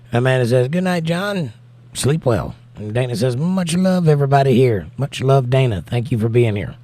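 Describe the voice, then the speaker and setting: A man's voice: medium pitch, mellow, dry recording. Brief: American male streamer, laid-back chat, reads comments in a sing-song lift. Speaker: livestream host. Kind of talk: casual chat reading viewer comments.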